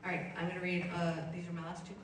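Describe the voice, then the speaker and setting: A woman poet at a live reading, chatting casually between poems and reading them slowly and deliberately. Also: fairly low pitch, monotone, a crowd in the background, background noise. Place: live reading at an arts venue. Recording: roomy echo, distant mic, faint ambience.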